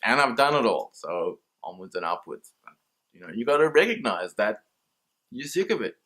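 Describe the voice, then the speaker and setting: Australian man, mid-pitched, unscripted vlog rant, blunt, profane, self-mocking. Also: big pitch swings, moderate pace, sharp tone. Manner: rambling, swears freely, laughs at himself. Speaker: mental health vlogger. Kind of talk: candid casual monologue.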